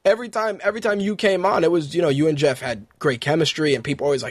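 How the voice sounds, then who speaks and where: A man's voice: on the high side, fast, dry recording. A man hosting an internet radio talk show in a casual, chatty way, with loose swearing and a run of fight news. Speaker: podcast host.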